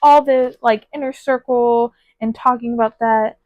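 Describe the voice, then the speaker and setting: A woman's voice: on the high side, steady tone, unhurried, darkish tone, no room sound. A woman giving a casual, gushing book review on her phone, full of fillers and emotional asides. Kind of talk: casual spoiler book review with read-aloud passages.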